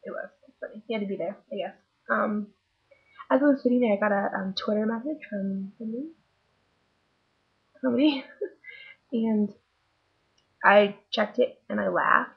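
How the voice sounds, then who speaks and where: A woman's voice: mid-range voice, moderate pace, gravelly, long pauses, dull audio. A woman working as a nanny, chatting wryly in a vlog about her day, worn out and tired. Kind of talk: casual vlog storytelling.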